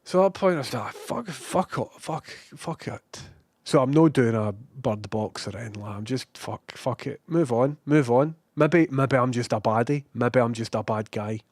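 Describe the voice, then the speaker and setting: A young adult Scottish man rambles through a casual livestream, reading viewers' chat and cursing freely at himself. His voice sits at an ordinary pitch for a man. The sound is dry and close. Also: normal speed, hardly any pauses, no room sound. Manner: sweary, self-mocking, animated.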